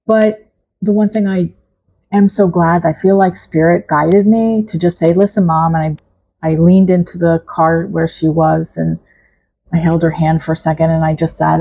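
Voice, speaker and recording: A middle-aged woman speaks straight to her viewers in a personal vlog. Her voice sits low and has a husky, gravelly texture. She talks in a reflective, halting way, often restarting her sentences. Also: fairly even intonation, warm tone, rough recording. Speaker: vlogger. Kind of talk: personal vlog talk to camera.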